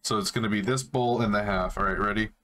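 A man's voice: fairly low pitch, steady tone, quick pace, fairly bright tone. Laid-back swearing streamer guy. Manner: laid-back, swears a lot, talks to viewers. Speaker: game streamer. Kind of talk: casual live-stream chat while playing.

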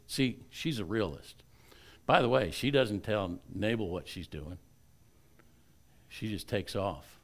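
A male pastor preaching a sermon, retelling a Bible story with lively swings between loud and hushed delivery and chatty asides to the congregation. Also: on the low side, takes it slowly, vocal fry, pauses often.

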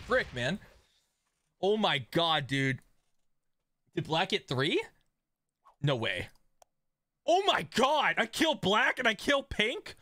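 Hyped guy streamer yelling and muttering over a game, bright voice, dry sound. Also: fairly high pitch, dry recording. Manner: excitable, swings between shouting and muttering; swears mildly, talks to chat. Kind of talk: live gameplay streaming.

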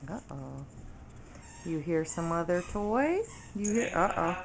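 Soft-cooing woman in baby talk. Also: mid-range voice, big pitch swings, measured pace, creaky, pauses often, slight background noise. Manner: soft, affectionate, sing-song. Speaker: dog breeder showing puppies.

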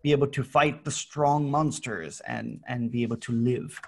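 An American man teaching English to children, playful and animated, with sound effects. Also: medium pitch, normal speed, creaky.

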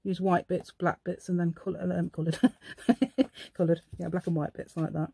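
A woman's voice: on the low side, little pitch movement, normal speed, creaky, mellow, breathy edge, no room sound. Chatty woman crafting at home. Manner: chatty, thinks aloud, asks the viewer questions. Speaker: craft channel host. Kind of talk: casual crafting tutorial.

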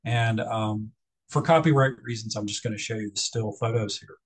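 A man's voice: lowish voice, moderate pace, rough recording. A middle-aged man presenting a business etiquette workshop in a casual, conversational lecture style with frequent ums.

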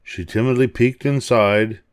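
An older man reading a children's picture book aloud, expressive and animated. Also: mid-range voice, measured pace, smooth, dry recording, clean studio sound. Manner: expressive, animated voices for characters. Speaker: storybook reader.

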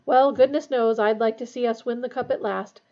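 A woman's voice: a little high, fairly even intonation, normal speed, mellow, dull audio, natural voice. Woman reading as a stern serious schoolmistress. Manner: serious, clipped. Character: stern strict older female professor.

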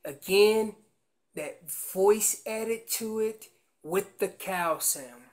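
A man's voice: high voice, very slow. A man explaining how to make an elk call, teaching in an earnest way and often repeating words as he goes. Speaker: elk calling instructor.

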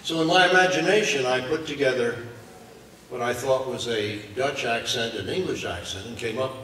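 An older voice actor telling measured anecdotes on a convention panel. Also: male voice, mid-range voice, pushed and bright, a little hiss or hum. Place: large convention hall. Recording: echoey hall recording from far off.

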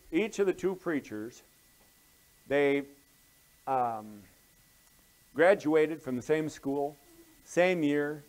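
A male pastor preaching an evening sermon, telling a story and repeating key phrases, swinging between loud emphatic build-ups and soft, low asides. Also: poor audio.

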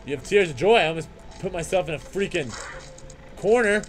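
An excitable young man commentating a video game, his voice leaping up and down as he trash-talks enemies and chants silly rhymes. He talks a bit high for a guy, and faint music runs underneath. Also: a little fast. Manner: excitable, trash-talking, jokey asides, sing-song chanting. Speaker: gaming channel host. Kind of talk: let's play commentary.

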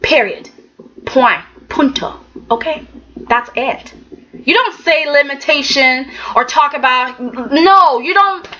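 A woman reviews a soap opera in a sassy, emphatic vlog style, often stopping with "okay?". Her voice is high and bright, and her pace is unhurried. The recording sounds dull and lo-fi. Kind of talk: casual vlog commentary.

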